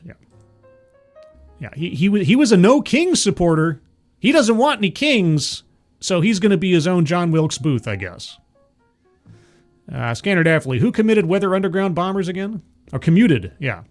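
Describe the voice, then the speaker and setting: Sardonic man hosting a political livestream. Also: fairly high pitch. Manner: sardonic, reads viewer chat aloud; rambling with frequent fillers and restarts. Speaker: livestream host.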